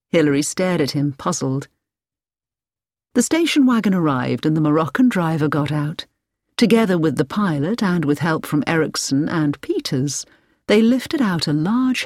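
A woman reading a story aloud as a narrator, clear and measured. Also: deep voice, darkish tone, no room sound, studio quality. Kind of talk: scripted audiobook narration.

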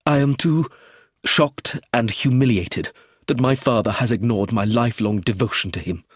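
A man voicing a cold, jealous middle-aged father with a rough, bitter way of speaking in a storybook reading. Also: medium pitch, normal speed, no echo, studio quality, lightly acted.

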